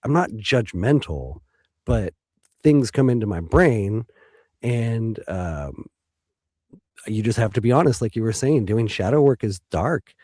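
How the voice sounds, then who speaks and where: A man with a low, mellow voice talks thoughtfully as an interview guest. He pauses often and restarts his sentences. The sound is dry and close. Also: lively intonation, dry recording. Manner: reflective, hesitant, many ums and restarts. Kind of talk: casual interview talk.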